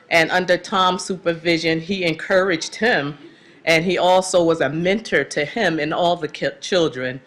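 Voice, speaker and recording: An older woman, a grandmother, speaking emotionally and haltingly during public comment at a town council meeting. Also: lowish voice, a bit bright.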